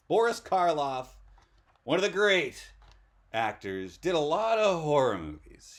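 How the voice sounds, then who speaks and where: A man hosting a casual talk about films, enthusiastic and rambling, often restarting his sentences. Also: medium pitch. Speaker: host. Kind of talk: casual movie chat.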